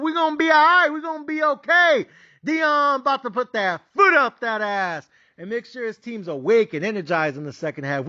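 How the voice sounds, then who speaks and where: A man's voice: very high-pitched, sharp tone, highs cut off. A man with a Mexican accent ranting profanely as host of a sports betting recap.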